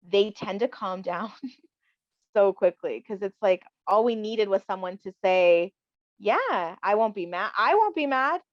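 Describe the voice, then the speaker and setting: Her voice is medium-pitched, a little mellow and a little slow. As a guest in a relaxed conversation she reflects openly, frequently performing what she tells other people, all captured on a dull, dry, lo-fi recording.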